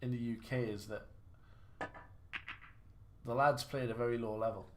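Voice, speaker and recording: A man's voice: medium pitch, fairly even intonation, moderate pace, slight background noise. A man livestreaming a snooker game, chatting casually and mocking his own play with rambling restarts. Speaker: gaming livestreamer. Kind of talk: casual live commentary while playing.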